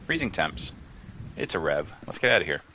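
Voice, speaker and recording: A man chatting casually over gameplay, telling a long story in a rambling, excitable way and getting worked up as he goes. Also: rumbling low, normal speed, a little hiss or hum. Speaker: gaming streamer.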